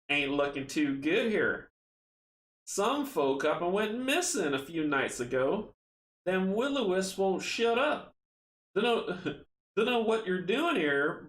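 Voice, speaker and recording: Guy doing a nervous country villager, slow southern drawl, kinda high, echoey room. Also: a bit bright, full character voice. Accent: put-on American Southern country drawl. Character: nervous rural village man, drawling and worried. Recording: echoey room, faint background noise.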